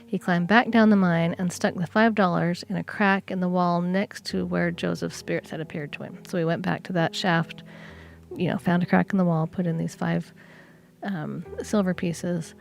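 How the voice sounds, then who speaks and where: A woman co-hosting a podcast retells a folk tale casually, filling it with chatty asides and fillers. Her voice is low, gravelly, and steady, and she keeps a moderate pace.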